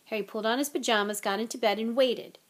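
Woman reading a novel aloud, expressive. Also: on the high side, fast. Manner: expressive, relaxed, chatty asides. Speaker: audiobook reader.

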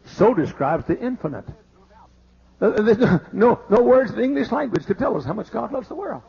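A man preaching a fiery sermon as pastor, exclaiming and shouting praise. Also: sits high, sing-song, fairly quick, vocal fry, slightly rough. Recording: dull lo-fi archive sermon tape.

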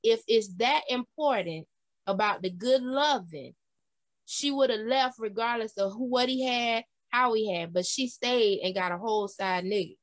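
A woman's voice: a little high, no echo, poor audio. A woman in a casual podcast chat, making her argument and restating it carefully. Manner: poses a pointed question and then restates it slowly.

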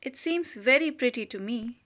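A woman's voice: on the high side, expressive, moderate pace, fairly bright tone. A woman reading a mild, timid young clerk husband. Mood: gentle.

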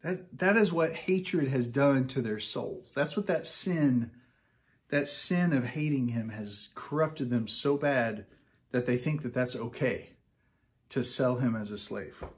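Animated conversational male preacher. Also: mid-range voice, slow. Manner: conversational and animated, with restarts and scripture read aloud. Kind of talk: casual sermon.

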